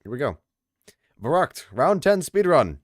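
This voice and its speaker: A young man's slightly high voice commentates a game tournament casually on a stream at a measured pace. As a tournament caster, he's chatty and lively, talking to the chat and its viewers. There's no echo, and the sound is studio quality.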